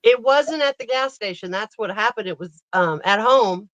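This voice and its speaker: A woman's voice: medium pitch, expressive, normal speed, fairly bright tone, no room sound. Easygoing older woman, dull lo-fi audio. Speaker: co-host vintage vendor. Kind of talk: casual chat on a live stream.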